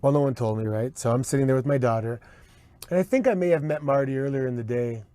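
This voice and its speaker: A man's voice: medium pitch, quick pace, no room sound. Man recounting a story in a dry interview. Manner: relaxed, with restarts. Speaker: interview guest. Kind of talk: casual interview.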